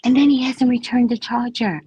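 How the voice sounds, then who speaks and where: A woman psychic casually telling a story about her neighbors, animated and acting out the people she quotes. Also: fairly high pitch, normal speed, slightly rough, no echo, muffled recording. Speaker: psychic reader.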